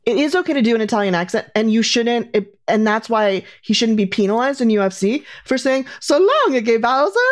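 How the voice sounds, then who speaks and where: A woman's voice: on the high side, a little fast, hardly any pauses. A woman co-hosting a podcast, chatting playfully and asking questions. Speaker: podcast co-host. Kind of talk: casual comedic chat.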